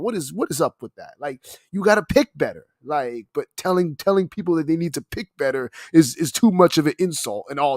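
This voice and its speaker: A man's voice: on the high side, no echo, studio quality. A man co-hosting a casual podcast who rambles, fills his talk with "like", and often laughs. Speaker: podcast co-host.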